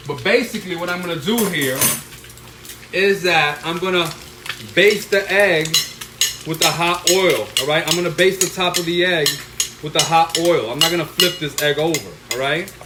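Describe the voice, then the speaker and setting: On a handheld phone in his home kitchen, a middle-aged chef hosts a live cooking stream, his voice on the high side at a moderate pace. He guides viewers, ending lines with "all right?" or "okay?", and breaks into loud whoops over frying sizzle and kitchen noise.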